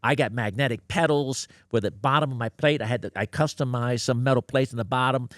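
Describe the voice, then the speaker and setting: A man's voice: mid-range voice, fairly quick, no room sound, clean studio sound. An older man, a guest on an interview podcast, telling stories bluntly and acting out both sides of conversations. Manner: blunt, animated, quotes others in dialogue. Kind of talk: casual interview storytelling.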